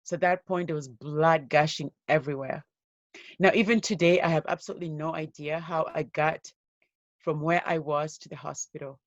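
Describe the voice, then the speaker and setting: A woman giving an interview as a guest, telling her own life story in an earnest, steady way. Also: deep voice, moderate pace, no echo, dull audio. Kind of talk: personal story told in an interview.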